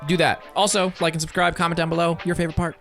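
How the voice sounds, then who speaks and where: A man co-hosting a podcast in casual chat, telling stories with lively acted-out quotes and teasing his partner. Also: a little high, very fast, over music. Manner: animated storyteller, acts out quotes, teasing. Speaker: podcast co-host.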